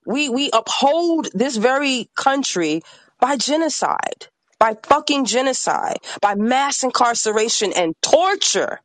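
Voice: high voice, lively intonation, unhurried, a bit bright, no echo. An independent artist and activist speaking on a podcast, angry and emphatic, swearing often. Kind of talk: impassioned podcast conversation.

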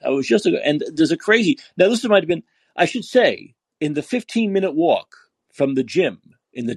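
A man's voice: a little high, slightly rough, no echo, clean studio sound. Sarcastic ranting man. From New York. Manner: sarcastic, profane, digressive. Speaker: podcast host. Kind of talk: ranting monologue.

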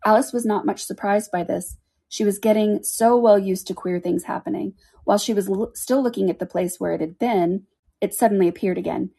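A woman reading a children's book aloud in a plain, steady storytelling manner. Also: mid-range voice, a little fast, gravelly, husky.

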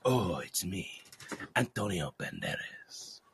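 A man voicing a suave, seductive man in a slow, breathy, low murmur. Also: very animated, pushed and bright, heavily acted.

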